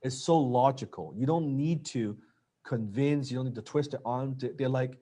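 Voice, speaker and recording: Man coaching sales, animated. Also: medium pitch, moderate pace. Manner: animated, acts out lines of dialogue. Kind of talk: coaching talk on closing sales.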